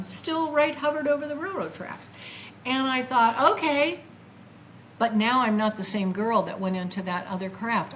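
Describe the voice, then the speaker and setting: An older woman, a guest, tells her own story with feeling and acts out her past words in a lively voice. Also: a little high, a little hiss or hum, poor audio. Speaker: guest recounting a near-death experience. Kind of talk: emotional first-person storytelling.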